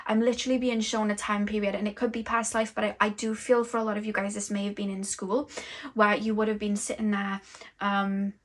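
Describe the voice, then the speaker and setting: A woman's voice: medium pitch, level tone, a little fast. A woman giving an intuitive tarot reading, talking in a flowing, rambling way with many fillers. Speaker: tarot reader and energy channeler.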